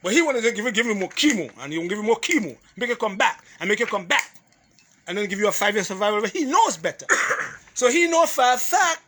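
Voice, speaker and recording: Male holistic health lecturer, high bright voice, hammers points home in repeated lists, laughs between points. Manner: emphatic, repetitive, drills points in lists. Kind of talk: health lecture to a live audience.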